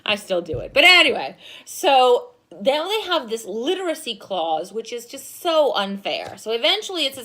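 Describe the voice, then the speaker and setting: Excitable woman teaching history. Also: a little high. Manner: excitable, fast and loud when enthused, laughs often. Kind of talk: recorded classroom lecture.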